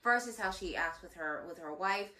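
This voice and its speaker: A woman co-hosting a casual drama recap, giving expressive, reflective commentary. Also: fairly low pitch, normal speed, roomy sound. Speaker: podcast co-host.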